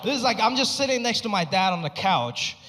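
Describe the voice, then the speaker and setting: A stand-up comedian from Hong Kong in his thirties, performing an animated, exaggerated set on a theater stage. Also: high voice, noisy background. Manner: animated, exaggerated, quick punchlines. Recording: stage mic in a reverberant hall.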